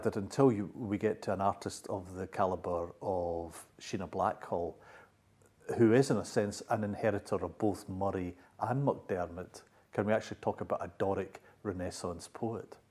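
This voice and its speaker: A man explains in an interview as a literary scholar, with a measured delivery and frequent filler pauses. His voice sits fairly low. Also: mellow, husky.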